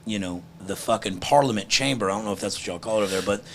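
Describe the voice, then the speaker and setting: A man with a gravelly voice, telling stories in profane, drawling casual chat as a comedian guest. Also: on the low side, racing, fairly bright tone, slight background noise.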